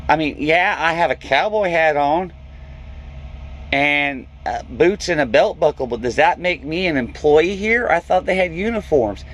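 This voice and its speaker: This man's voice is on the high side and his pace is measured. He's a trucker recounting a tale on his vlog, throwing himself into the quoted voices like an animated storyteller.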